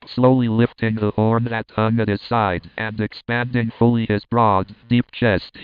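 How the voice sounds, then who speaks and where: A man narrating a narrative poem as an audiobook, in a measured, steady reading. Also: lowish voice, clear, resonant tone, dry recording. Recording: tinny, phone-like narrow sound.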